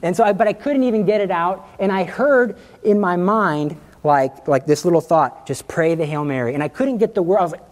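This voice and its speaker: A man's voice: sits high, a little fast, hardly any pauses. A man in his thirties gives an informal Catholic talk built around his own story. He tells it vividly, acting out what people said and laughing at himself along the way. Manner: animated, acts out quotes, laughs at himself. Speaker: Catholic speaker giving a testimony.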